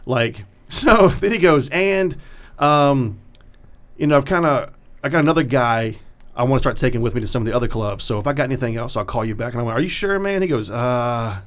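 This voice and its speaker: A man's voice: medium pitch, brisk. Male comic, casual podcast storyteller, swears a lot, voices the people in his story. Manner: profane, animated storyteller acting out quotes. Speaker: comedian.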